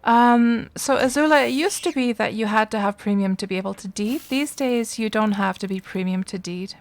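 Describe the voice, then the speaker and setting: A woman with a slightly high voice chats casually with viewers while live-streaming a game, reacting to the action between replies. She talks at a normal speed into a desk microphone, with no echo on the recording.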